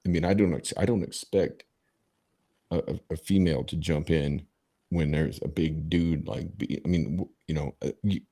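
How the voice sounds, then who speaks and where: Gravelly deep-voiced man telling a profane story. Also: fairly even intonation, moderate pace, mellow. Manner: emphatic, swears heavily, many restarts. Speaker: podcast host.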